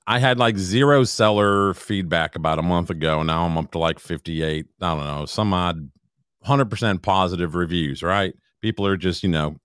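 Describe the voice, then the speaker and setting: A man's voice: low-pitched, smooth, dry recording, clean studio sound. A middle-aged man co-hosting a podcast, ranting and swearing in casual chat. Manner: ranting, profane, deadpan mock radio voice. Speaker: podcast co-host.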